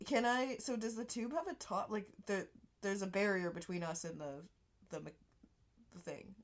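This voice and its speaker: A woman playing a tabletop game, chatty and quick with asides. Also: mid-range voice. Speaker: player. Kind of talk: casual tabletop game chat.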